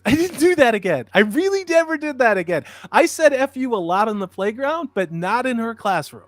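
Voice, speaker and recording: A man in his fifties chatting casually as a stream host, an animated storyteller who swings between loud and soft. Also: very high-pitched, a little fast, no echo, faint music behind. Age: 50s. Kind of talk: casual chat.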